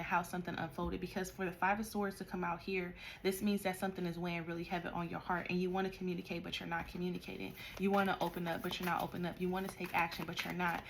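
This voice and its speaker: A woman doing a tarot card reading, talking straight to the listener in a direct, animated way and scolding them at times. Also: lowish voice, noisy background. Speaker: tarot reader.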